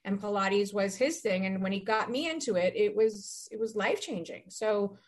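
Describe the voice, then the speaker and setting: A woman in her forties, a podcast guest chatting casually and telling rambling, animated stories with many restarts. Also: medium pitch, normal speed. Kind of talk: casual chat.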